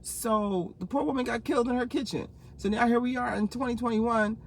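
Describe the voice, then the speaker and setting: A woman in her fifties from New Jersey, telling rambling stories to camera in a casual vlog, laughing often with lively asides. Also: fairly high pitch, fairly quick. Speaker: vlogger.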